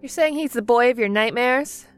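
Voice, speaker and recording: A woman's voice: on the high side, normal speed, clear, resonant tone, no echo. A woman player in casual game chat, quippy and teasing.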